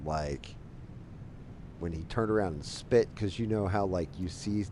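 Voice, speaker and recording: A man's voice: sits low, measured pace, warm tone, slight background noise. A man in his forties, a game streamer, casually telling a long rambling story while he plays, with lots of filler words. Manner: rambling, loose, heavy with "like" fillers.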